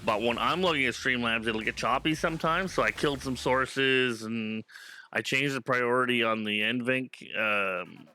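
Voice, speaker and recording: A man from Canada streaming games, chatting casually and telling stories in an animated, profane way. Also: medium pitch, normal speed, slight background noise. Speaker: game streamer. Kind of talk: casual live-stream chat.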